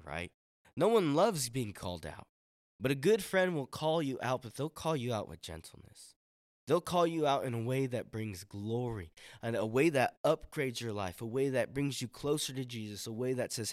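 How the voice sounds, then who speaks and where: A man of middle pitch gives a sermon in a loose, chatty way, as if talking with young people he knows. He uses casual slang and acts out the voices of friends he quotes. The sound is close and dry, with no room around it. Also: big pitch swings, normal speed, dry recording.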